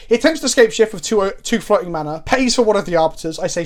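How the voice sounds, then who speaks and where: A man's voice: sits high, expressive, rapid-fire, hardly any pauses. A man chatting casually during a card game, rambling through anecdotes with swearing and self-mockery. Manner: rambling, swears, self-mocking, frequent restarts. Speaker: card game player and co-host. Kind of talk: casual gameplay chat with anecdotes.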